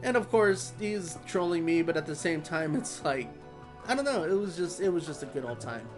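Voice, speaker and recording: A man chatting casually over his gameplay, rambling and easygoing with many pauses. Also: a little high, animated, music in the background. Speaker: gaming vlogger.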